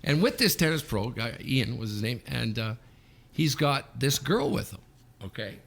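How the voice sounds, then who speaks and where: A man in his fifties from Canada, co-hosting a podcast and telling an anecdote in a lively way, often checking in with "okay?". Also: medium pitch, moderate pace, vocal fry. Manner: animated anecdote teller, frequent "okay?" check-ins. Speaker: podcast co-host. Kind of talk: casual storytelling.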